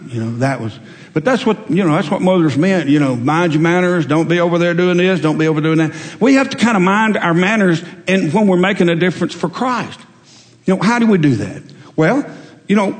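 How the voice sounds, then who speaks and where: Pastor preaching in a reverberant sanctuary. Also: male voice, high-pitched. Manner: folksy storytelling, conversational, rising emphatic peaks. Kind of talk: sermon. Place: church sanctuary. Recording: long hall reverb.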